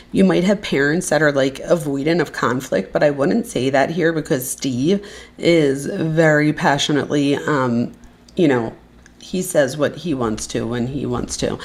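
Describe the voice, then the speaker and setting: Gravelly-voiced woman streamer, slow and chatty, thanks everyone a lot. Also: low voice. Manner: effusive, chatty. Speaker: live stream host. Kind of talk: casual live stream chat.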